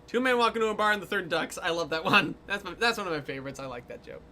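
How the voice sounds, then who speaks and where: Fast and animated, the medium-pitched voice sounds pushed and bright, with a bit of hiss or hum behind it. It's an artist casually chatting on stream while drawing requests, rambling with many fillers, mocking herself playfully, and repeatedly falling into giggling fits.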